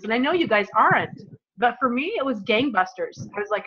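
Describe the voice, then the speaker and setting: A woman's voice: fairly high pitch, expressive, a little fast. A woman in her thirties leading a team call, giving an emphatic, emotional motivational talk. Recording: dull lo-fi call audio.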